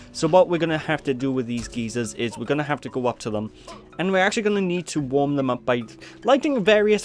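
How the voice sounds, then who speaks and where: A man with a Welsh accent casually commenting on a video game he plays, rambling and chatty with plenty of fillers. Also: medium pitch. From Wales. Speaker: let's play host. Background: faint game music.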